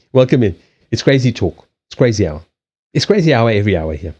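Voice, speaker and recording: Male stream host, rambling and animated, mellow tone, dull lo-fi sound. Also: on the low side, moderate pace, slightly rough. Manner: rambling, swearing, laughing, with frequent restarts. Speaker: livestream host and card reader. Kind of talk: casual live-stream chat.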